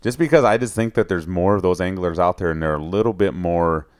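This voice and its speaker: A man's voice: deep voice, fairly quick, no room sound, studio quality. A man co-hosting a fishing podcast in casual chat, telling stories and acting out the people he quotes. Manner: animated storyteller, acts out quoted anglers. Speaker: podcast co-host.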